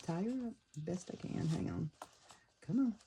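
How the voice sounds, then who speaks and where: A woman casually talking through a handmade journal, thinking aloud and pausing to fiddle with the pieces. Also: fairly low pitch, expressive, warm tone, slight background noise, rough recording. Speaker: paper craft creator. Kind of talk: casual craft flip-through.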